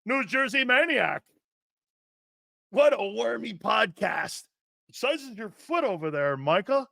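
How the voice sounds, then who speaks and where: A man riffs crudely on football players, mocking them in put-on jeering voices and cackling between lines. His voice sits high and sounds bright and sharp. He swings from loud outbursts to low mutters on a close, dry mic. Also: sing-song, a little slow, creaky, pauses often, dry recording. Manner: crude, sarcastic, mimics others in jeering voices. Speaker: sports commentator. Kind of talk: mocking sports talk.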